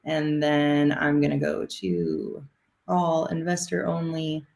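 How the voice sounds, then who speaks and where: A woman's voice: low-pitched, slow, vocal fry, darkish tone. A woman making live acquisitions calls on a teaching stream, upbeat, laughing easily and poking fun at herself. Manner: laughing, self-deprecating, upbeat. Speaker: acquisitions caller. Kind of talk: live call demonstration.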